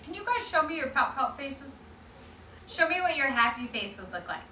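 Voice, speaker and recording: A preschool teacher, a woman, leads circle time in an animated, sing-song voice that sits high and bright. She is heard from a distance in an echoey classroom with faint background noise. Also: normal speed. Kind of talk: circle-time story reading to children.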